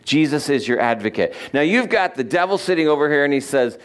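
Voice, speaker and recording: A man's voice: on the high side, expressive, brisk, clear, resonant tone. A man preaching a conversational sermon, joking with the congregation and explaining words with frequent fillers. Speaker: pastor.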